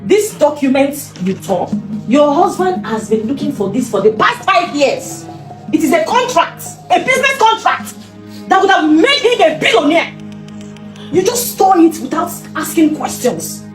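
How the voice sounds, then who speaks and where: A woman's voice: sits high, very animated, moderate pace. A woman playing an indignant envoy. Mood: sorrowful. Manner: scolding, then mournful and sighing. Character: woman envoy bringing a contract, indignant then sorrowful. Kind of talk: comedy skit acting. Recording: roomy audio with background music.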